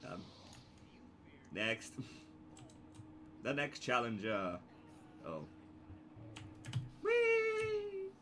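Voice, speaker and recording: A man's voice: lowish voice, animated, measured pace, pauses often, pushed and bright, a little hiss or hum. A young man commentating casually on his own gameplay, sweary and sarcastic, with sudden yelps and laughs.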